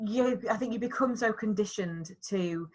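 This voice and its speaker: A woman's voice: medium pitch, moderate pace, a little mellow, husky. A woman in her thirties co-hosting a podcast, chatting casually, laughing often and trailing off with fillers. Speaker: podcast co-host. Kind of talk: casual chat.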